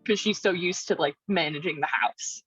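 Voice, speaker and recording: A woman's voice: fairly low pitch, normal speed, a bit bright, breathy edge, no room sound, muffled recording, faint music behind. A woman playing a tabletop game, chatting loosely with fillers, laughs and swearing. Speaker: player.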